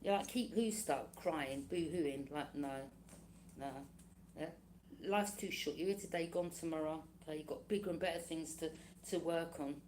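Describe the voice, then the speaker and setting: A woman's voice: low voice, normal speed, darkish tone, a little hiss or hum. A woman giving a casual tarot reading, chatty and laughing often, acting out other people's lines. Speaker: tarot reader.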